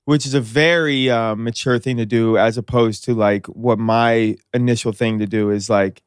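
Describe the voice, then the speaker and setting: A man, a comedian guest on a podcast, telling animated stories in casual chat, acting out other people's voices and swearing freely. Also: medium pitch, moderate pace, clean tone, no echo, studio quality.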